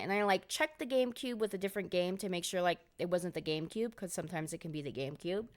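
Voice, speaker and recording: A woman's voice: on the low side, quick pace, few pauses. A woman game streamer chatting casually on a live stream, rambling and swearing as she vents her exasperation. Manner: profane, rambling, exasperated venting.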